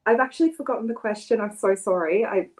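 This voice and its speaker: A young woman writer on a video call panel, hesitant and quick to laugh. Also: mid-range voice, a little mellow, rough recording. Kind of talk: casual video call chat.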